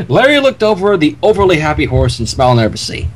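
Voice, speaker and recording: A man's voice: fairly high pitch, fast talker, hardly any pauses. A man reading a comedy fanfic aloud on a livestream, joking about the text as he goes. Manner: lively reading, laughs at the text. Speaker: fanfic reader.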